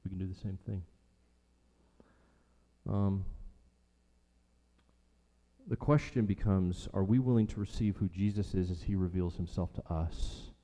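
A man's voice: sits low, steady tone, measured pace, pauses often, mellow. A man preaching a sermon as a pastor, emphatic and rhetorical, repeating his key lines for weight. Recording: long hall reverb.

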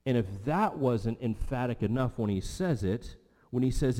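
A man's voice: medium pitch, animated, normal speed, hardly any pauses, dark tone. A man preaching a sermon as pastor, with an emphatic delivery that rises and falls. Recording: long church hall reverb.

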